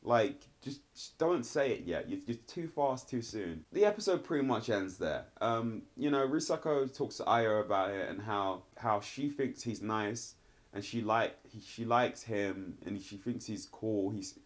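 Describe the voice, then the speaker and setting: A man's voice: fairly low pitch, lively intonation, a little slow. A man casually reviewing a TV episode, rambling and filling his talk with "like" and "sort of". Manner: rambling, heavy use of "like" and "sort of". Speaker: TV show reviewer.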